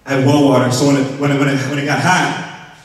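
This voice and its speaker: A man with an American accent, a motivational speaker telling a lively story to students in a school auditorium and acting out the scenes as he talks. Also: mid-range voice, fast talker. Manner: animated and playful, acting out scenes. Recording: echoey hall from far off.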